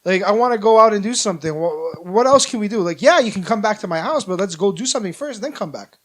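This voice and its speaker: A young man co-hosting a laid-back podcast. His voice sits a little high for a man, and he tells stories in a loose, rambling way, full of "like" and false starts. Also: animated, fast talker. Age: 20s. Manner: rambling storyteller, lots of "like" and restarts. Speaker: podcast co-host. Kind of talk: casual chat.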